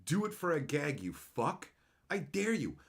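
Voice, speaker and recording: A man's voice: on the high side, sing-song, unhurried, vocal fry. A middle-aged man from Canada hosting a casual livestream, ranting with heavy profanity and mocking silly voices. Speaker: livestream host.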